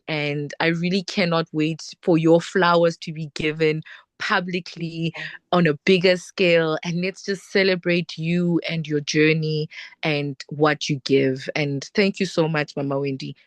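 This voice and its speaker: A woman's voice: low-pitched, no echo. A South African woman at an online book club, talking earnestly and slipping Sotho phrases into her English.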